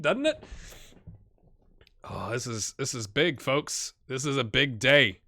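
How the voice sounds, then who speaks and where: Lively, bright-voiced man narrating a football game. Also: medium pitch, measured pace. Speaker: gaming YouTuber playing a football manager game. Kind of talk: casual let's-play commentary. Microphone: headset with earbuds.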